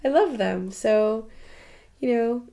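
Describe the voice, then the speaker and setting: Chatty, higher-voiced woman artist. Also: slow, creaky, mellow. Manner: chatty, laughs often, swears, emotional. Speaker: painter and architect. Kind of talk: casual documentary interview.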